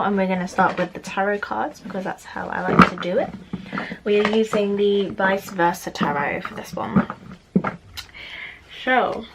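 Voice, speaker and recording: A young woman sits on her bedroom floor giving a casual tarot reading. She talks in a chatty, apologetic way, slightly out of breath and easily sidetracked, with a middling voice. A faint hiss sits under the home recording. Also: mid-range voice. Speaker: tarot reader.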